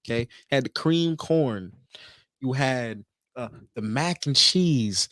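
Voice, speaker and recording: A man co-hosting a podcast, telling a food story in a lively, casual way with plenty of swearing. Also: medium pitch, slow, no room sound. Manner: animated storyteller, swears freely. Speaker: podcast co-host. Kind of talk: casual chat.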